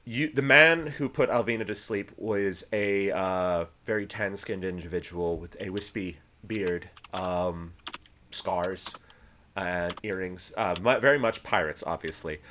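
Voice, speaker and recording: A man narrating as game master of a tabletop game, in a relaxed, halting way. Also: sits low, slight background noise.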